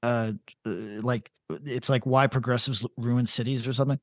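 A podcast co-host riffs loosely in casual chat, offering blunt opinions and swearing often. His voice is medium in pitch with fairly even intonation and a moderate pace, captured in a dry, studio-quality recording.

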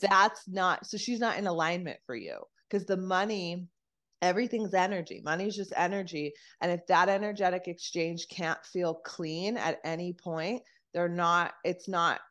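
Woman, podcast guest, lower register, relaxed advice-giving chat peppered with fillers and the odd swear. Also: moderate pace. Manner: chatty, filler-heavy, swears casually, acts out inner questions. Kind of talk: casual conversational advice.

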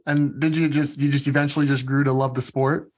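A man's voice: medium pitch, level tone, a little fast, rough recording. A man hosting a casual interview, asking questions in a friendly way and laughing often. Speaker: podcast interviewer.

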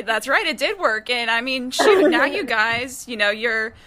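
A woman's voice: a little high, lively intonation, measured pace, over a noisy crowd. A woman co-hosting a track podcast, chatty and friendly. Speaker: podcast co-host. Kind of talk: sports podcast chat.

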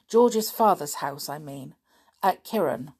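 A woman voicing an eager, bold schoolboy guide in a storybook reading, talking quickly and urgently. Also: sits low, animated, darkish tone, breathy edge, full character voice. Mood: polite.

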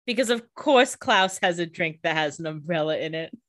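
A woman's voice: fairly low pitch, animated, moderate pace, a bit bright, dry recording, studio quality. A woman co-hosting a podcast in casual chat, cracking jokes and mimicking characters. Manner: joking, quips and laughs, mimicking characters. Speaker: podcast co-host.

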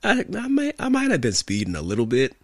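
A man's voice: medium pitch, a little fast, no echo, clean studio sound. A man co-hosting a podcast, telling a story in casual, profane chat and acting out the quotes. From California. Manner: profane, animated storyteller who acts out quotes. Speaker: podcast co-host.

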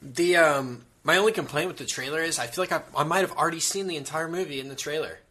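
A man's voice: on the high side, quick pace, pushed and bright, breathy edge. A man hosting a casual movie chat podcast, laid-back and asking the others questions.

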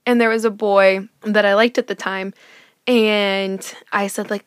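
A young woman co-hosting a podcast in casual chat, animated and quick to laugh. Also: medium pitch, dry recording, studio quality. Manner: animated, laughs until crying, lots of "like". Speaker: podcast co-host.

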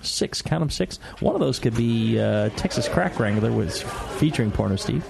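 A man's voice: mid-range voice, animated, normal speed, vocal fry, crowd noise. A man hosting a podcast in casual chat, joking and laughing a lot as he rambles through a sponsor read with fillers. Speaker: podcast host.

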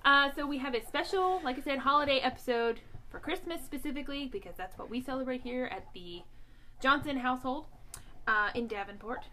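Giggly high-voiced young woman hosting. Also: fairly quick, sharp tone, slight background noise. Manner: giggly, jokey, rambling with many fillers. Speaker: podcast host. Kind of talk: casual family podcast chat. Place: family home.

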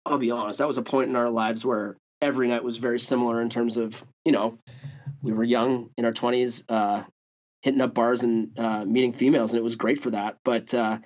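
A man's voice: medium pitch, little pitch movement, brisk, a little mellow. A man from Canada, a guest musician telling stories in a loose, profane way, full of "like" and "dude". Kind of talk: casual storytelling. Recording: dull lo-fi sound.

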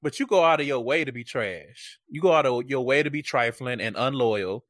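Man, podcast co-host, casual recap chat, profane, animated, dry close mic. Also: medium pitch, normal speed, no echo. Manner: profane, animated, mimics people in quotes.

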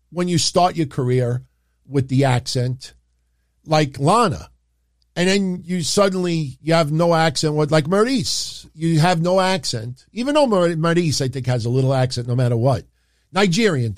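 A man hosting a casual livestream, talking in an excitable, rambling way and jumping into quick impressions. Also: on the high side, no room sound, clean studio sound. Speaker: wrestling show host.

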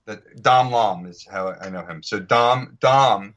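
Bright-voiced American actor telling stories. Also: male voice, fairly low pitch, slow pace. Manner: chatty storyteller, acts out voices and accents in anecdotes. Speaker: actor guest. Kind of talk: casual podcast interview. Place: podcast recording.

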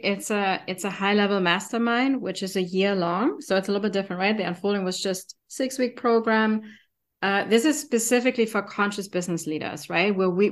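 A woman with a German accent, hosting a podcast in casual, enthusiastic chat with frequent fillers. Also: mid-range voice. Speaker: podcast host.

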